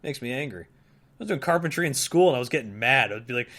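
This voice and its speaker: A man's voice: mid-range voice, fast talker, a crowd in the background. A young man co-hosting a casual podcast chat, ranting about old grievances and laughing often. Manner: animated, laughs a lot, rants about grievances. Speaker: podcast co-host.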